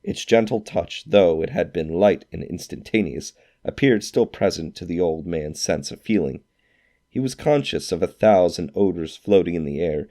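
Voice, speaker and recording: Deep-voiced man narrating a classic tale. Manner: expressive storytelling, acts out quoted lines. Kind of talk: scripted narration of a classic novel.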